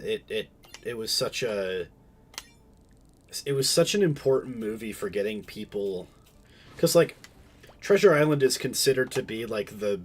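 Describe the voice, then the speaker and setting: A man with a fairly low voice chats casually while he streams a game. He rambles and keeps restarting his sentences, full of fillers and detours. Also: slight background noise. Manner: rambling, self-interrupting, many fillers.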